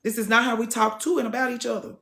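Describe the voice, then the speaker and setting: A woman's voice: on the high side, level tone, fast, vocal fry, bright, forceful tone, reverberant. A woman hosting a TikTok live, talking casually to her viewers in a blunt, preachy way and swearing freely.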